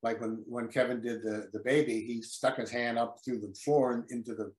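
A man's voice: mid-range voice, normal speed. An older man, a veteran actor, telling stories in a casual interview and acting out old quotes. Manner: animated storyteller, acts out quotes. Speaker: guest actor. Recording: echoey room.

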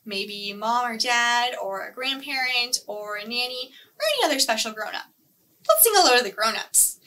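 High, animated woman leading kids' storytime. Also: moderate pace, recorded from a distance. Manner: animated, sing-song, talks to young children. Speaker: children's librarian. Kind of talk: children's storytime.

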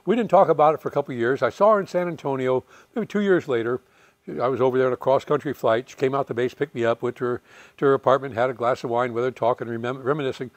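A man in his eighties, a retired fighter pilot telling lively war anecdotes, chuckling and acting out the voices of people he quotes. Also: mid-range voice, quick pace, dry recording, muffled recording. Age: 80s. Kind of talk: storytelling anecdotes.

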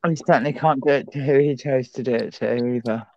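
A woman chatting on a live stream as co-host, with low-key, dry replies. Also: fairly even intonation, fast, darkish tone, no room sound. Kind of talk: casual chat on a live stream. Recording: dull lo-fi audio.

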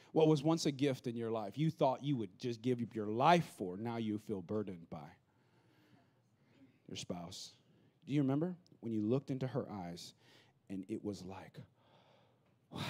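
A pastor preaching a lively, humorous sermon, acting out the people he quotes. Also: medium pitch. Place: church auditorium.

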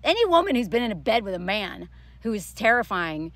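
A woman's voice: mid-range voice, big pitch swings, brisk, a bit bright, no room sound. A woman in her thirties telling a personal story in a rambling, emotional storytime vlog, full of restarts and fillers. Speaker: vlogger. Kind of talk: casual storytime monologue.

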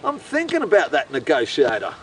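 A man telling a rambling comic story, animated and profane, breaking into bird impressions, recorded outdoors. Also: on the high side, a little fast. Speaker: comedic monologuist. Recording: voice distant from the mic with faint outdoor noise.

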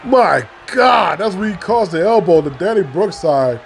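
A man giving excitable play-by-play commentary on a wrestling video game, repeating phrases and breaking into shouts at big moves. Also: high-pitched, measured pace, vocal fry. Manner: repeats phrases and restarts mid-call. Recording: loud game crowd and noise behind. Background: video game arena crowd noise.

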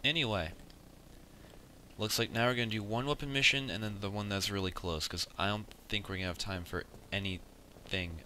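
A man's voice: on the low side, steady tone, moderate pace, noisy background. A young man giving casual let's play commentary, swearing often and muttering at the game in frustration.

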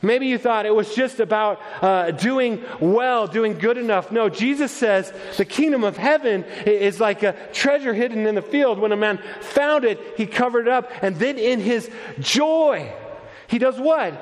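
A man preaching a sermon as pastor, telling a parable with animated voices, frequent restarts and stammers. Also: sits high, normal speed, in a large hall. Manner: animated storytelling, acts out voices, many restarts. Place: church.

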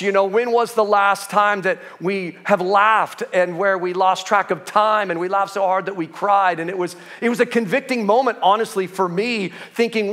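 Middle-aged male pastor with a high voice, preaching with earnest emphasis. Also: a bit bright. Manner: earnest, emphatic preaching with slowed stressed phrases. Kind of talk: sermon.

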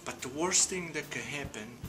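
A man from Naples, telling a casual story in a relaxed way, with many fillers and drawn-out emphasis. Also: medium pitch. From Naples, Italy. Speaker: vlogger. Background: music.

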